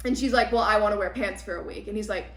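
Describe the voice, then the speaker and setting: A woman chatting on a casual book podcast, walking through the plot in long run-on recaps. Her voice sits at a middle pitch and rings off the walls of an echoey room. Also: fast talker, gravelly, crowd noise. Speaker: podcast co-host. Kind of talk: casual book club chat.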